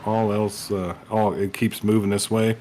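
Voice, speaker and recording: Male co-commentator, lowish voice, rambling and jokey, faint hiss. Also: flat delivery, moderate pace, dark tone, poor audio. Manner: rambling, jokey, laid-back. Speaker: color commentator. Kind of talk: casual joking commentary.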